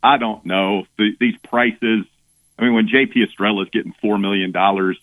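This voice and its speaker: A man's voice: fairly low pitch, fairly even intonation, normal speed, a bit bright, dry recording, rough recording. Easygoing male radio regular. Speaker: radio co-host, regular contributor. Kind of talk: casual talk radio banter.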